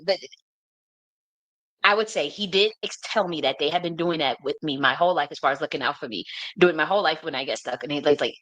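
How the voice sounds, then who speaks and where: A woman's voice: deep voice, no room sound. A woman, a spiritual reader and teacher, telling a personal story in a casual, rambling monologue, with frequent laughter and free swearing. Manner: animated, rambling, laughs often, swears freely.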